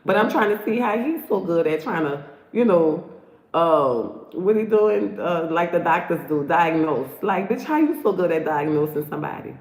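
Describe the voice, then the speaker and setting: A woman's voice: on the low side, lively intonation, normal speed. A woman giving taunting, sassy commentary on a video, repeating herself to mock the person on screen. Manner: sassy, taunting, repetitive "look, look". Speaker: host. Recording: roomy echo.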